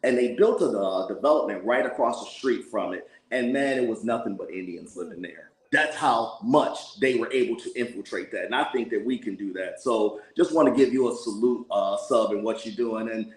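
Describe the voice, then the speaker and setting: A man's voice: lowish voice, normal speed, few pauses, roomy sound, poor audio. A man calling into a live audio panel, telling a story in an emphatic, conversational way. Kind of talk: casual live audio chat.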